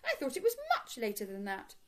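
A woman's voice: medium pitch, very animated, a little fast, a bit bright. A woman reading aloud, voicing a small, polite, innocent young male bear in a storybook. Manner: earnest, innocent.

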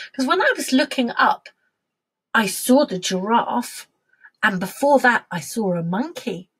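A woman leading a preschool music lesson, singing and talking in an animated, sing-song way that drops to whispers and gasps. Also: high-pitched, breathy edge. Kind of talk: sung and spoken children's music lesson.

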